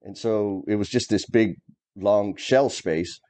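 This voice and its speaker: Middle-aged man, co-host; mellow, blunt storyteller with a casual, cursing edge. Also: lowish voice, slow. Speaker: co-host, former plumbing superintendent. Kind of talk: casual conversation.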